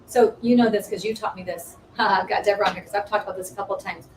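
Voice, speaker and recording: A woman hosting a casual spiritual talk, telling stories with lively energy and acting out her own past reactions. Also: mid-range voice, fast. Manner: animated storytelling, acts out her own past voice. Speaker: ministry host. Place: room with small live audience. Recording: roomy, distant mic with faint noise.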